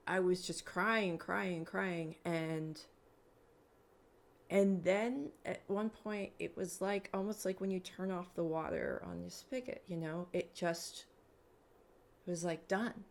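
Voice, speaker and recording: A woman guest on a podcast telling a personal story in a casual, animated way, acting out quoted dialogue and using plenty of filler words. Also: lowish voice, vocal fry. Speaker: podcast guest, mentor and hypnotherapist.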